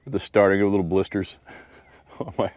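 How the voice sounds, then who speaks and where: A relaxed man with a drawl chats loosely at a lakeside campsite, wandering from thought to thought and talking to his dog. His voice sits a little low. The sound is dry and close, with little room around it. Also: normal speed, no echo. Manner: laid-back, rambling, talks to his dog. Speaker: outdoor vlogger. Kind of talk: casual camping vlog talk.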